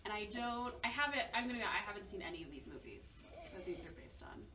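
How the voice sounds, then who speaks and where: A woman guest in casual chat, speaking hesitantly with halting restarts, recorded in a media studio. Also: mid-range voice, expressive, sharp tone, slight background noise. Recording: slightly distant mic.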